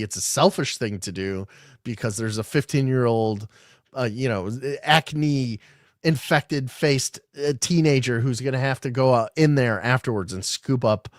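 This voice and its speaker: A man's voice: medium pitch, unhurried, no echo, studio quality. A man hosting a casual podcast, reading news aloud and riffing on it in a rambling, sarcastic way with frequent swearing. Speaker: podcast host.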